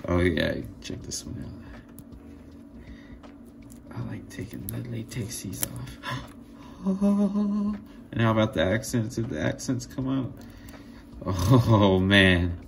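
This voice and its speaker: A man with a low, gravelly voice talks slowly and casually while showing off handmade jewelry. He sounds excited and amazed, often laughing. Clear workshop noise sits behind him throughout. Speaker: jewelry maker.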